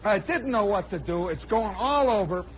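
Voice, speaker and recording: A man in his forties, a radio host telling a comic personal story in an animated way, now and then shouting for effect. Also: high-pitched, moderate pace, rough recording. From United States. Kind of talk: spoken storytelling monologue. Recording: old radio broadcast with faint crowd and noise.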